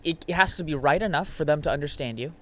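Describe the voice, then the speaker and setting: A man's voice: on the high side, quick pace. A man co-hosting a podcast, blunt and opinionated in casual chat, laughing often. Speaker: podcast co-host.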